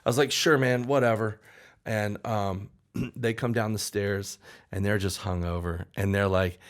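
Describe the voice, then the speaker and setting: A man's voice: lowish voice, fairly even intonation, unhurried. A male songwriter telling a story in casual chat, acting out the people he quotes. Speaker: songwriter guest.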